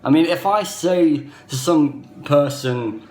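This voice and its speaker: A man's voice: fairly high pitch, slow, a little mellow. A man in his thirties with an Australian accent, telling a personal story to camera in an earnest, rambling way, often leaning on "basically" and "you know". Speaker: vlogger. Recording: echoey room with faint background noise.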